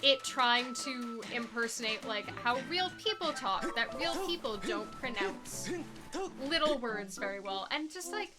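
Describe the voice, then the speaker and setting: A woman's voice: a little high, expressive, unhurried. A young woman chatting casually while streaming a game, talking in a rambling way full of fillers. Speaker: speedrunner streaming. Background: game music.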